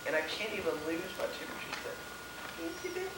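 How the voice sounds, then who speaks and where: A young man playing a hot-tempered father who grumbles sarcastically while trying to keep calm, in a school stage play. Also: high-pitched, a little fast. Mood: scheming. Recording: echoey hall, from far, noisy.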